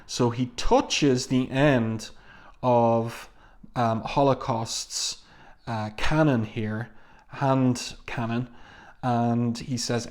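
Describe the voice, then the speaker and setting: A man talks through a comic issue panel by panel in an unhurried, reflective tone. His voice sits at an ordinary middle pitch, and he often stops to gather his thoughts before he continues. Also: fairly even intonation, darkish tone. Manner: measured, reflective, pausing often to find words. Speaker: comic book reviewer. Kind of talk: casual page-by-page commentary.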